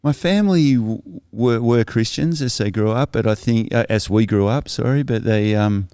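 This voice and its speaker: A man's voice: medium pitch, normal speed, warm tone, smooth, no echo, studio quality. A man as a podcast guest, earnestly telling his life story in a thoughtful, reflective way that is often self-correcting.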